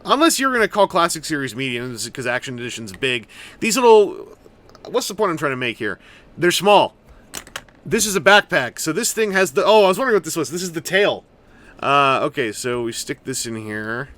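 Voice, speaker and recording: A man's voice: on the high side, big pitch swings, brisk, bright, forceful tone. A man giving casual, rambling commentary while building and unboxing a collectible toy, with jokey asides. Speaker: toy reviewer.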